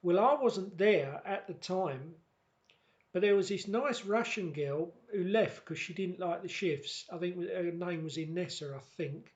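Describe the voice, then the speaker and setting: A man vlogging a casual, reminiscing monologue who talks haltingly and often repeats words and restarts. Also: high-pitched, highs cut off.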